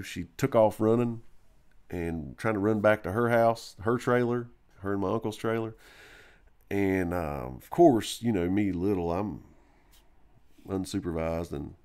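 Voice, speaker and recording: Low-voiced man telling a rough story. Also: a little mellow. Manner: rambling, profane, lots of fillers and restarts. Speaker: live stream host. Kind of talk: casual storytelling.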